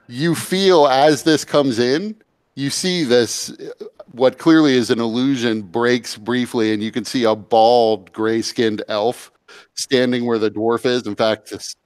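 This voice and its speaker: A man narrating a tabletop game as game master, in a measured, descriptive way. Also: mid-range voice, steady tone, darkish tone, clean tone, dry recording.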